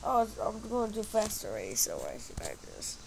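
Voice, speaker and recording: A woman casually commentating her gameplay, excitably squealing, cheering and talking back at her opponents. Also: on the high side, moderate pace, gravelly, heavy background noise. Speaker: gamer commentating her play.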